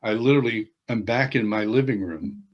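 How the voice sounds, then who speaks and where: A man interviewed as an author, telling a personal faith testimony in an earnest, halting way that often restarts sentences. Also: mid-range voice, lo-fi sound. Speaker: interviewed author and worship leader.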